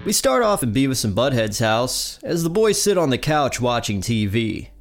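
A man's voice: mid-range voice, big pitch swings, normal speed, loud music behind the voice. A man with a stuffy, nasal voice hosting a casual podcast, recapping a cartoon episode. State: stuffy nose. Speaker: podcast host.

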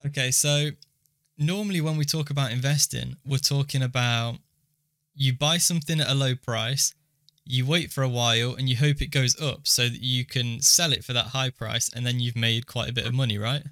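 Bright man hosting a podcast. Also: mid-range voice, fairly even intonation, moderate pace, dry recording, studio quality. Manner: explains things step by step. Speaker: podcast co-host. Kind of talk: casual podcast chat.

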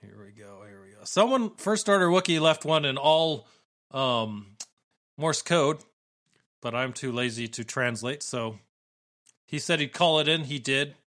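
Bright-voiced man with a cough. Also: a little high, lively intonation, a little slow. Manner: laughing often, rambling and joking. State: sick with a cough, losing his voice. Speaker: podcast co-host. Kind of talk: casual chat reading listener messages.

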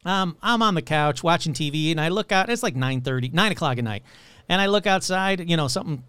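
Lively, high-voiced man hosting a podcast. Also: fairly quick, smooth, no room sound, clean studio sound. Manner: rambling, self-mocking and playful. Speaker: podcast host. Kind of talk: casual podcast chat.

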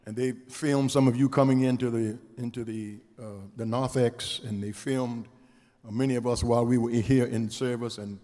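A man, a pastor, preaching a sermon that moves between quiet storytelling and shouted, rhythmic declarations with repeated phrases. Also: medium pitch. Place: church sanctuary. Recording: long church reverb.

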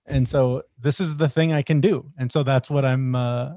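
A man's voice: medium pitch, fairly even intonation, normal speed, mellow, no echo. Earnest reflective man, dry sound. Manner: earnest, reflective, thinking aloud. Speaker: podcast co-host. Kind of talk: casual conversation.

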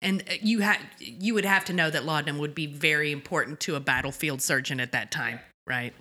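A woman co-hosting a podcast, chiming in with quick asides and reactions during a casual episode recap. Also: sits low, sharp tone. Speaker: podcast co-host.

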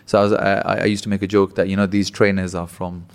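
A man's voice: low voice, flat delivery, fast talker, clean tone. A man with a Pakistani accent, a stand-up comedian chatting casually, rambling with many restarts and fillers. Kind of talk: casual conversation.

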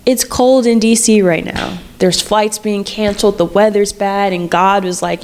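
A woman in her twenties hosts a personal storytelling podcast at an ordinary pitch. She speaks candidly and conversationally. She often repeats words and phrases for emphasis. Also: steady tone, a little slow, hardly any pauses, a little mellow. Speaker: podcast host.

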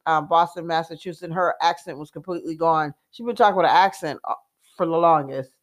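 A woman, co-hosting a casual chat and telling stories in an animated way, with fillers and laughs. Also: sits low, fast. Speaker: co-host.

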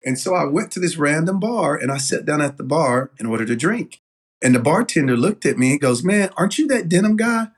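A middle-aged man, an interview guest telling stories in casual chat, animated and full of fillers. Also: a little high, fairly quick, breathy edge. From Southern United States. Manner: animated storyteller, lots of fillers. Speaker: guest, denim company owner.

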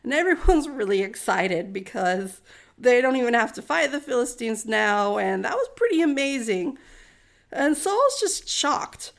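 A woman's voice: a little high, big pitch swings, measured pace, creaky. A woman retelling a story in a chatty, jokey, slangy way.

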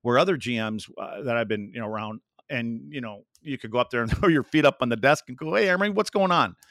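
A man's voice: medium pitch, fast talker, fairly bright tone, no room sound. Older man telling rambling anecdotes, dry sound. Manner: rambling anecdotes with acted-out quotes. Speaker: podcast guest, former hockey player. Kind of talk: casual storytelling.

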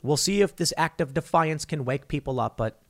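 A man in his thirties hosting an online political commentary show, talking in a rapid, combative and sardonic way. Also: on the high side.

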